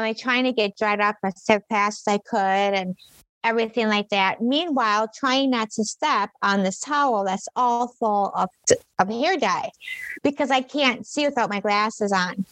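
A woman co-hosting a casual chat, telling a story in a rambling, animated way with many fillers and restarts. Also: on the high side, normal speed, dry recording.

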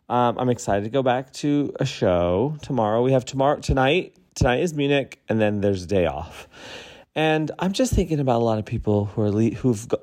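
A man's voice: on the low side, darkish tone. A tipsy man hosting a podcast, rambling through a casual late-night monologue and laughing often. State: tipsy from wine. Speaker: podcast host.

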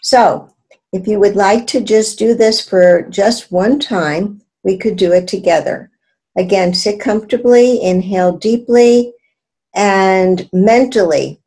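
A woman meditation teacher giving calm, measured guided instruction and chanting mantras softly during a video interview. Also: mid-range voice, husky.

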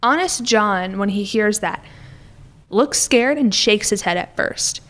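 A woman's voice: mid-range voice, lively intonation, takes it slowly, a bit bright. A woman co-hosting a podcast in a casual film discussion, chatty and full of "like" as she retells scenes.

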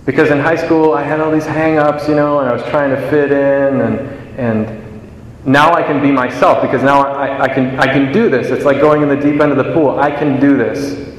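A man's voice: mid-range voice, steady tone, moderate pace, a little hiss or hum. A young man giving a homily in a chatty, self-deprecating storytelling manner. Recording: echoey church with long reverb.

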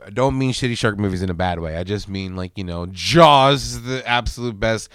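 A man co-hosting a podcast, telling a story in a casual, animated way with swearing and loud cartoonish voices. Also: on the low side, a little fast, clean tone, dry recording, clean studio sound. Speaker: podcast co-host. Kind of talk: casual chat.

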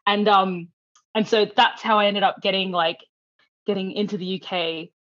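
A woman guest telling a long story in casual chat, animated, laughing often and acting out the people she quotes. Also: mid-range voice, normal speed, no room sound, highs cut off.

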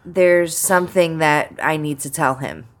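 Woman in her thirties, podcast co-host, unhurried, hesitant delivery, slightly low pitch. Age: 30s. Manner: hesitant, many fillers and restarts. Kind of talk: casual chat.

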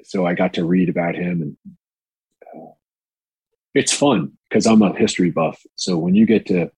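A man's voice: deep voice, moderate pace, a little mellow, slightly rough, no room sound, low-quality recording. A man telling candid, rambling anecdotes in a casual interview, profane and full of fillers, on a close mic. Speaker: actor and guest.

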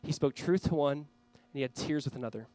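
Earnest pastor with a fairly high voice. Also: male voice, quick pace, warm tone, no echo, rough recording. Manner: earnest, urging the listeners directly. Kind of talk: sermon. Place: church, speaking to a camera for online viewers.

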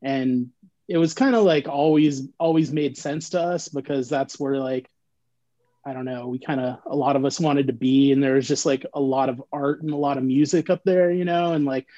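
A man's voice: mid-range voice, fairly even intonation, normal speed, mellow, lo-fi sound. A man reminiscing in casual chat, rambling in a laid-back way with lots of "like.". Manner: laid-back rambling storytelling, heavy use of "like". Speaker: band member recalling band history.

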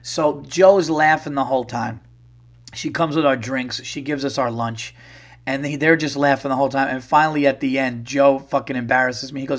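A man hosting a podcast, telling a rambling, profane, animated story in casual talk, his voice worn from getting sick. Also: medium pitch, normal speed. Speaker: podcast host. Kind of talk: casual comedic storytelling monologue.

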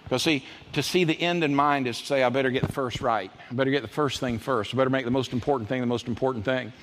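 A man in his fifties preaching a sermon, telling folksy personal stories and jumping into high voices when he quotes people. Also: fast talker, a bit bright, slight background noise. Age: 50s. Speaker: pastor. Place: church auditorium. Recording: reverberant church hall with faint ambience.

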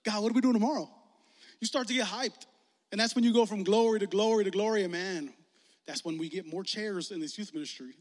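Young man, youth pastor, casual animated sermon, high voice, long hall reverb. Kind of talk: youth sermon with altar call. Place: large hall with audience.

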